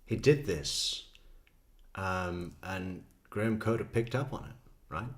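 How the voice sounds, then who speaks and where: A man's voice: sits low, takes it slowly. A man giving sardonic true crime commentary, laughing often at what he plays. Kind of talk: casual commentary.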